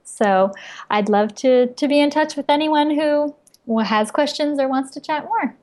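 A woman guest on a podcast, relaxed and friendly, explaining how to reach her. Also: high voice, normal speed. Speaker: guest expert. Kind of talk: casual interview chat.

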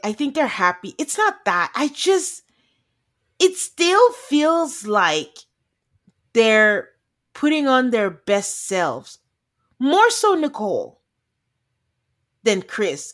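A woman co-hosting a podcast, recapping a reality show in casual chat, laughing often and quoting people. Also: mid-range voice. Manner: chatty, laughs often, quotes people in animated asides.

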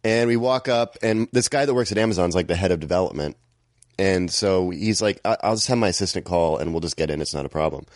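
A man's voice: deep voice, lively intonation, quick pace, no room sound, studio quality. A man who is a comedian, guesting on a podcast and telling rambling anecdotes full of fillers. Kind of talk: casual chat.

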